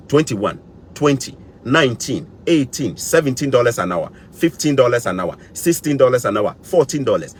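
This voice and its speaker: A man's voice: on the low side, a little hiss or hum. A man lecturing his viewers in a vlog, emphatic and repetitive, speaking to them directly. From West Africa. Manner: emphatic, repeats points, addresses viewers directly. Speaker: vlogger. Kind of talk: lecturing to camera. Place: living in Canada.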